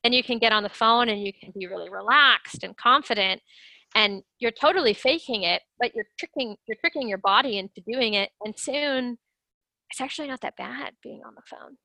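A woman speaking as an interview guest, explaining things in an animated way and acting out her own inner voice. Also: a little high, a little fast, dry recording, low-quality recording. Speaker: guest, sales development rep. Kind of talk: conversational interview.

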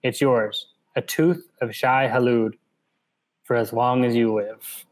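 A man's voice: mid-range voice, steady tone, slow, close to an everyday voice, rough recording. A man voicing a fierce, superstitious older female servant while reading a novel aloud in casual chat, in an intense, ominous manner.

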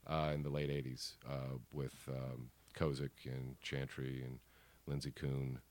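A man in his forties, a guest artist in a studio, telling animated stories with casual swearing and acted-out quotes. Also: rumbling low, measured pace. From American. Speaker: guest, poster artist and co-founder. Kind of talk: casual storytelling interview.

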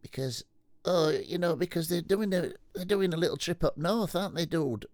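A man's voice: a little high, moderate pace, darkish tone, no room sound, studio quality, pitched above the performer's own voice, natural voice. A man doing a comic impression of an easygoing male TV cook, drawling and calling everyone dude. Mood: matey. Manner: drawling, keeps agreeing, calls everyone dude. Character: easygoing bearded male TV cook, agreeable and sweary.

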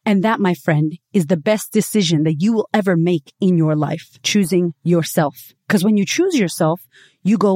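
A woman's voice: on the low side, darkish tone, no echo. A woman delivers a motivational podcast talk, blunt and full of swearing. She keeps firing rhetorical questions at the listener and hammers her points with emphatic phrasing. Her voice is dry and close, with no room sound around it. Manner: emphatic, swinging between punchy and drawn-out phrases. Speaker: podcast host.

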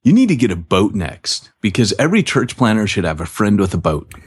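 Male co-host, low husky voice, lively and jokey casual banter. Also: a little fast. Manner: joking, animated, does silly voices. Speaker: podcast co-host.

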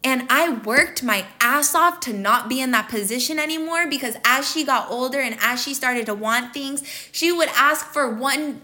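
Bright-voiced emotional woman podcaster. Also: sits high, normal speed, hardly any pauses. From American Midwest. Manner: emotional, candid, addresses listeners as "you guys". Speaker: podcast host. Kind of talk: confessional podcast monologue.

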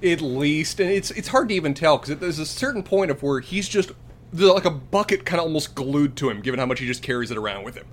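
Lively wry man recapping an episode. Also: fairly high pitch, quick pace, slight background noise. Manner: wry, storytelling recap with playful asides. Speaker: podcast co-host. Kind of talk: casual chat, episode recap.

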